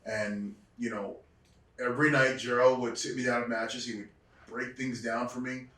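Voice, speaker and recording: A man who used to wrestle, interviewed as a guest, telling animated stories about his career and acting out other people's voices. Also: medium pitch, normal speed. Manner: animated storyteller, acts out quoted voices. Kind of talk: casual storytelling interview. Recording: roomy sound from a distant mic.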